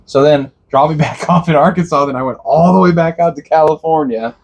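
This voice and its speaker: A man's voice: on the high side, fairly quick, low-quality recording. A young man from Illinois, a podcast co-host, telling rambling road-trip stories in casual chat, swearing freely and laughing at his own tales.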